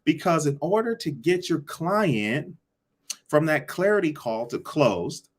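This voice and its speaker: A man teaching a live online sales session, energetic and repetitive, asking the audience to answer back. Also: fairly high pitch, unhurried. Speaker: sales coach.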